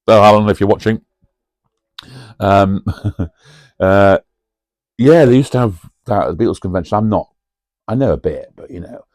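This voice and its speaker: A man's voice: on the low side, a little mellow, no room sound, studio quality. A man hosting a cosy pub-style chat about a film, rambling and chatty with lots of fillers and asides to the viewer. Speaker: video host.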